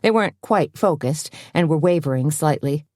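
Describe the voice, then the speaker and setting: Low-voiced woman narrating a story. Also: moderate pace, no echo, studio quality. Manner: steady storytelling. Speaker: audiobook narrator. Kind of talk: scripted narration.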